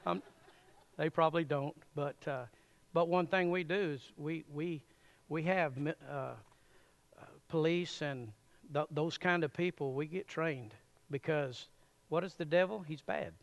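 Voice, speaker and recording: A man preaching a sermon in a church, folksy and animated, chuckling often as he addresses the congregation. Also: fairly high pitch, measured pace, gravelly, pauses often, muffled recording. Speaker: pastor.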